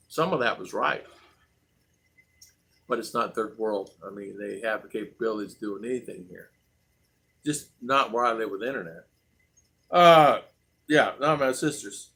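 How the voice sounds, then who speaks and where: Middle-aged American man, casual livestream host, animated storyteller with a bright edge. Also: mid-range voice, vocal fry, slightly rough. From United States. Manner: storytelling with laughs and acted-out quotes. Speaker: vlog host reading live chat.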